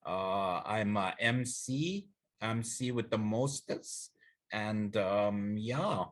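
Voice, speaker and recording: A man's voice: fairly low pitch, drawn-out words. Man playing a rambling, boastful party MC. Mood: bragging.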